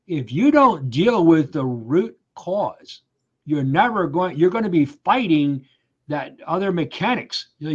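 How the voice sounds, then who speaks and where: A man's voice: on the high side, husky. Emphatic man in his sixties, lo-fi. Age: 60s. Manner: emphatic, storytelling, acts out quoted voices. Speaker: life coach. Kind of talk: casual podcast conversation.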